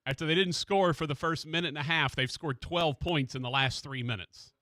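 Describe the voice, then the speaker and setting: Sports radio host, man, chatty and excitable, a bit high-pitched. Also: a little fast, dry recording, clean studio sound. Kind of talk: casual sports talk. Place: radio studio.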